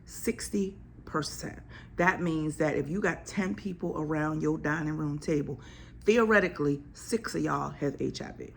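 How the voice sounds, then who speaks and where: A woman's voice: low-pitched, normal speed, gravelly, a little hiss or hum. A woman doctor, talking bluntly and emphatically in casual slang to her podcast audience. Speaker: OB-GYN physician and podcast host. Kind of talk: casual podcast talk on health.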